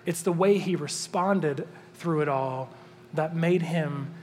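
A man with a high voice preaches to a congregation, loose and conversational. He slows down and leans into each passage he reads aloud. His voice rings out with a long reverb, as in a large church hall. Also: slight background noise. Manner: conversational, animated, slows down to read scripture. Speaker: pastor. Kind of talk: sermon.

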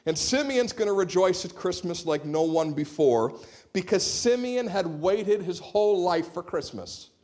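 A man's voice: high-pitched, lively intonation, a little slow, darkish tone. A man preaching a sermon in a church, conversational and humorous, telling stories on a shared microphone. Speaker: pastor. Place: church sanctuary.

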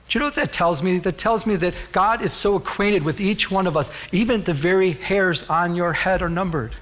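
A man's voice: sits high, fairly quick, hardly any pauses, a bit bright. Fervent male pastor, raised voice. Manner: storytelling, rising to fervent calls to the congregation. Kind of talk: sermon.

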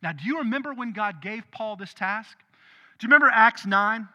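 A male pastor preaching a sermon in an animated, conversational way, with quick asides. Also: high voice, long reverb tail, dull audio.

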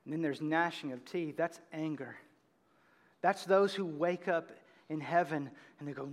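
A man preaching a sermon as pastor, earnest and building to loud emphatic peaks, speaking to a congregation. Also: on the high side, measured pace, long pauses, long reverb tail. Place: church sanctuary.

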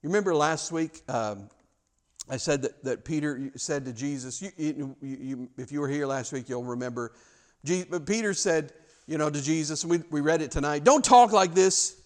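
Man, pastor, sermon, earnest, stammering restarts, fairly high voice. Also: normal speed.

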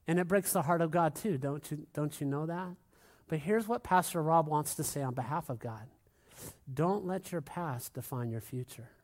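A man's voice: on the high side, darkish tone. A middle-aged man preaching a sermon as pastor to a congregation, emphatic and repetitive, often asking for an amen. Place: church hall with a congregation.

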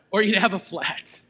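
A man's voice: high-pitched, pushed and bright, slightly rough. A man preaching a sermon as pastor, conversational and playful, chuckling now and then.

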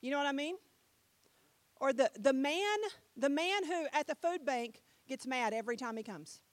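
A middle-aged woman preaching a sermon, telling a story with animated swings between loud and soft and putting questions to her listeners. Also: high voice, normal speed, no echo. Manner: talks with the audience, asks them questions.

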